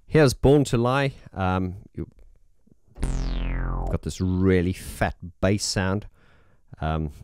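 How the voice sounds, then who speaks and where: Low-voiced man with a morning voice. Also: animated, slow, pauses often, a little mellow, faint music behind. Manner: enthusiastic, rambling, many fillers. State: early morning voice. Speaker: keyboard player demonstrating his setup. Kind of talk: casual demo talk.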